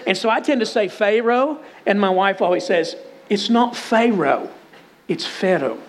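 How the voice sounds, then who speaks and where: A man's voice: high-pitched, moderate pace. A middle-aged man with a Texan accent, preaching a sermon as a pastor and retelling a Bible story in a conversational, joking way. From Texas.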